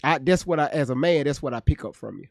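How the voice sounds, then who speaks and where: A man's voice: mid-range voice, expressive, fast, gravelly, dry recording, studio quality. A male streamer giving blunt, profane live commentary on a clip, often repeating his words as he thinks aloud. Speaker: streamer reacting to clips.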